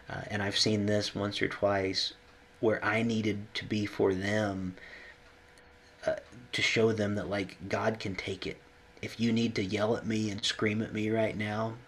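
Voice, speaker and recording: A man who works as a hospital chaplain, talking earnestly and reflectively in a conversation, pausing often and growing emotional. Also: on the low side, fairly bright tone, a little hiss or hum. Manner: earnest, pausing, gets choked up.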